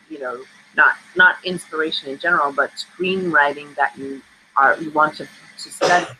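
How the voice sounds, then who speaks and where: Bright, candid woman on a video call. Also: low-pitched, slight background noise, rough recording. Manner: candid, chatty storyteller. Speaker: screenwriter guest. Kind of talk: casual interview answers.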